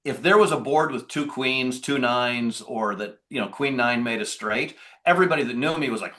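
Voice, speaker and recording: A man with a middle-pitched voice speaking as a podcast guest. He talks in a loose, conversational way, rambling and restarting as he goes. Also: moderate pace, few pauses, a bit bright. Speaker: podcast guest, business owner. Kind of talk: casual interview talk.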